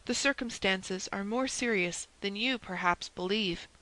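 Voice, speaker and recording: A woman's voice: medium pitch, unhurried, bright, forceful tone, low-quality recording. A woman reading the part of an intense young man who pleads and threatens, her voice raised and urgent. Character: fervent young man, stern zealot.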